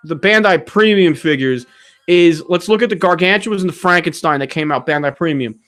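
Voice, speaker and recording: High-pitched dude on a live q&a stream, rambly, cusses a lot, goes on rants. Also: male voice, fairly quick, fairly bright tone. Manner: rambling, profane, ranting. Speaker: channel host answering viewer questions. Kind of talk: casual livestream Q&A. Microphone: streaming setup mic.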